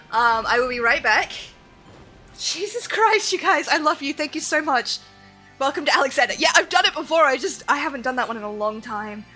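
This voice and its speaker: A woman streaming a video game, chatting to her viewers, excitable and swearing often, with frequent laughs. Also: high-pitched, rough recording. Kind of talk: live-stream chat while gaming.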